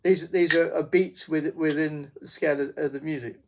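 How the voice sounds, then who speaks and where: A man teaching a beginner drum lesson in a halting way, with many fillers and restarts, counting beats aloud. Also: fairly high pitch, steady tone. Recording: faint noise with drum pad clicks.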